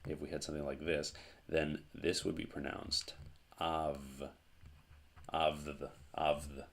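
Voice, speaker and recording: A man teaching a language lesson at a board, explaining slowly with pauses and restarts. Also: very deep voice, creaky. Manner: slow, halting explanations with fillers and restarts. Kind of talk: whiteboard lesson.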